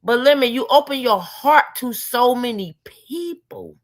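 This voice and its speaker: A woman's voice: on the high side, expressive, a little slow. A woman co-hosting a heated stream chat, slangy and emphatic, with slightly slurred speech.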